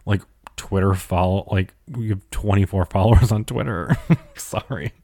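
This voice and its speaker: A man's voice: deep voice, steady tone, moderate pace, gravelly, mellow, dry recording, studio quality. A young man hosting a solo podcast late at night, rambling through listener questions in a chatty, profane, opinionated way. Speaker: podcast host.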